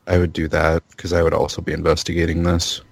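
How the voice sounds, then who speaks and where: A man's voice: sits low, monotone, quick pace, vocal fry, dry recording. A young man playing a tabletop game, making wry jokes. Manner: wry, joking. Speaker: player.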